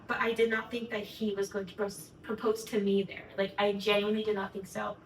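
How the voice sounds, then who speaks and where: A woman's voice: medium pitch, fairly even intonation, fairly quick, hardly any pauses, fairly bright tone. Gushing young woman, echoey distant mic. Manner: gushing, chatty, heavy use of "like". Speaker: vlogger. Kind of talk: casual storytelling to camera. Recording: echoey room, mic at a distance, background noise.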